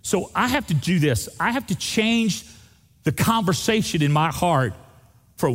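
Preacher, mid-pitched, animated delivery, long church reverb. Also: male voice, measured pace. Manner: lively preaching, swings up high for emphasis, asks the congregation questions. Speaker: pastor. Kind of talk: sermon. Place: church sanctuary.

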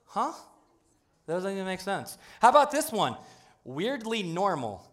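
A man preaching a humorous sermon in a church, joking with the congregation in a playful, animated way. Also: high voice, normal speed. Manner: playful, jokey, animated delivery. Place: church sanctuary.

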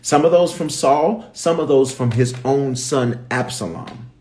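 A man with a Memphis accent, a bishop teaching the Bible on a livestream, telling the story with animated voices for the characters. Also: medium pitch, measured pace.

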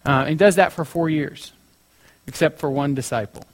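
A man's voice: fairly high pitch, moderate pace. A young man preaching in a casual, chatty way, telling a story with many fillers like "you know".

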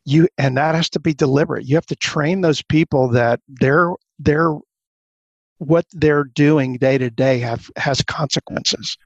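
A man with a gravelly, husky voice tells anecdotes as a guest, slipping into the voices of the people he quotes. The sound is dry and a little dull, with no room around it. His pitch sits in the middle range. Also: a little slow, no room sound. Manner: animated anecdotes, acts out quoted lines. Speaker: guest consultant. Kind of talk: storytelling in a podcast interview.

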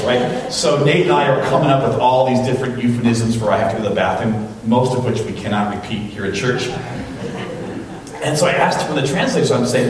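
A man preaches a relaxed, conversational sermon, often tossing in "right?" to the congregation. He is heard from some distance in a very echoey church, with a faint hum underneath. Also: mid-range voice, a little fast. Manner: chatty, often asks "right?". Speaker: pastor.

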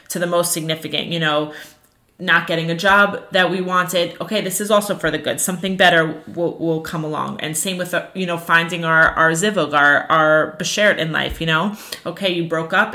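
A woman teaching a class on Jewish ethics, earnest and animated, telling personal stories with frequent fillers. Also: fairly low pitch. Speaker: religious teacher.

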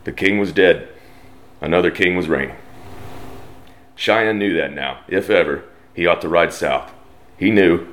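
Deep-voiced Texan man reading a western. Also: fairly bright tone. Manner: slow, drawling twang, puts on brief voices for characters. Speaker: storyteller. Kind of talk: reading a western story aloud.

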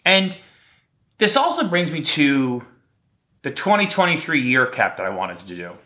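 This solo podcast host rambles through light-hearted stories with a slight lisp in casual talk. His mid-range voice swings widely in pitch, unhurried, bright, and forceful.

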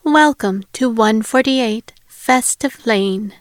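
A woman reads a storybook aloud in a gentle, measured way. Her voice sits a little high. The recording is close and dry, with no room sound. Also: dry recording. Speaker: audiobook narrator. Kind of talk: storybook read-aloud narration.

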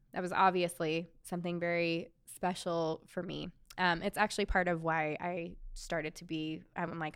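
A woman's voice: lowish voice, fairly bright tone, clear, resonant tone, dry recording, clean studio sound. A woman in her thirties who works as a doula, talking earnestly and personally in a chatty way with many fillers. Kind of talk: casual talk about birth.

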